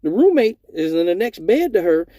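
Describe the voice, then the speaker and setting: A young man spins a profane story, swinging his pitch widely as he jumps into other people's voices. His tone is mellow and dark, and the room is dry and close. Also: sing-song, fairly quick, no room sound. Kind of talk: casual storytelling.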